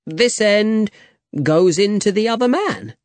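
A man voicing a reckless, hot-headed young swordsman in an audiobook, eager and quick to raise his voice. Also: fairly high pitch, lively intonation, no echo. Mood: brash. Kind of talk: audiobook character reading.

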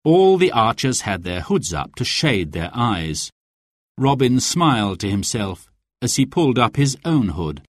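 A man narrating a storybook slowly and carefully, his pitch swinging widely to bring the story to life. His voice is a little husky. The recording is close and dry, with no room sound. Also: dry recording. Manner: expressive, with clear, careful delivery.

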